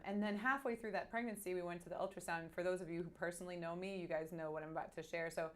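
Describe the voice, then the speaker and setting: A woman tells a personal story as an interview guest. She speaks in a halting, animated way and keeps restarting her sentences. Her voice sits a little low for a woman.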